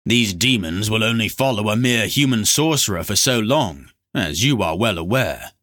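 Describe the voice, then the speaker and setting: A man's voice: lowish voice, animated, moderate pace, fairly bright tone. A man voicing a scheming male black sorcerer who speaks in a smug, purring, mocking way. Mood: persuasive.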